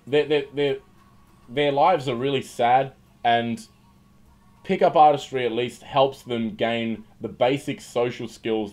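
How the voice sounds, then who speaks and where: A man's voice: mid-range voice, a little mellow. Rambling young Australian man streaming. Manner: rambling, joking, with frequent fillers and restarts. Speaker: livestream host. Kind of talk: casual livestream chat reading viewer comments. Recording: faint music behind. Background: faint background music.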